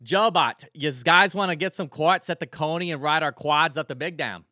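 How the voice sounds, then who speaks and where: A man voicing a friendly rural Pennsylvania local with a put-on Pennsylvania accent, loud and sing-song. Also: a little high, normal speed, no room sound, clean studio sound, voice pushed up. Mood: hearty.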